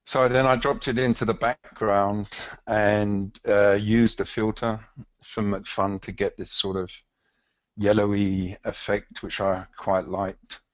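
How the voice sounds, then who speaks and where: An older man with a London accent, a professional photographer giving a casual, halting webinar demonstration with frequent fillers. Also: fairly low pitch, level tone, dry recording.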